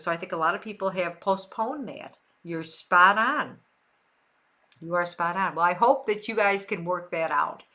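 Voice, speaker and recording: An older woman from Western New York hosts a livestream, casually answering viewers and repeating phrases for emphasis. Her voice is fairly low in pitch, with a bright, forceful tone.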